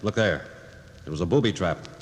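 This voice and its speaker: A calm, low-voiced captain. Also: male voice, brisk. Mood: steady. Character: steady male expedition captain, the narrator. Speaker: narrator. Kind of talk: 1940s radio acting. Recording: old radio broadcast with hall reverb.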